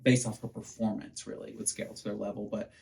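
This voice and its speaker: A man, co-hosting a podcast. He tells coaching stories in a lively, animated way and acts out what people said. His voice sits a little low. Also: fast talker, gravelly, a little hiss or hum. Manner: animated storyteller, acts out quotes. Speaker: podcast co-host, pitching coach. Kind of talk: casual chat.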